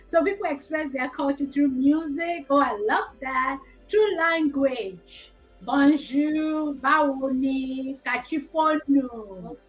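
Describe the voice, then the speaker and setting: A woman's voice: high-pitched, slow, faint music behind, rough recording. A woman with a Nigerian accent hosting a casual educational discussion, explaining things in a chatty, joking way. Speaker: host.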